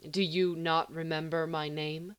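A woman's voice: sits low, little pitch movement, a little slow, clean tone, dry recording. A woman reading a stern, weary male commander in a storybook, speaking in clipped, insistent lines. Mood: tired.

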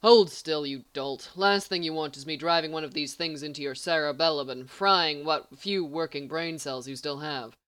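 A woman's voice: deep voice, animated, moderate pace, fairly bright tone. Vrouw die een scherpe, ongeduldige geniale man speelt. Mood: snapping. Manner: snappish, commanding. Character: sharp-tongued impatient genius man.

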